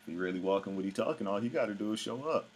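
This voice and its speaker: A show host in casual commentary to viewers, blunt, profane and exasperated. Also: male voice, lowish voice, very fast, slight background noise.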